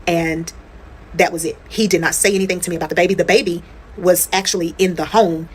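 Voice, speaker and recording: A woman's voice: on the low side, fairly even intonation, fairly quick, slight background noise. A woman telling a personal story in casual storytime style. She talks straight to her viewers, swears freely and repeats phrases for emphasis.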